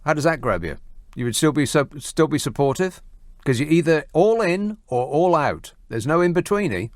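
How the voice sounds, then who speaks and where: A man's voice: on the high side, animated, normal speed, over loud music. A man hosting a late-night radio phone-in, dry and teasing as he takes calls. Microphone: studio mic.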